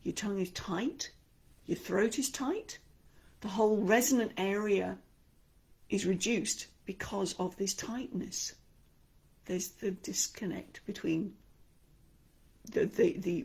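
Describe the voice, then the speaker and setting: This Australian speaking coach has a mid-range voice that sounds gravelly, husky and a little mellow. She teaches an online speaking lesson, talking expressively and acting out the inner voices she describes.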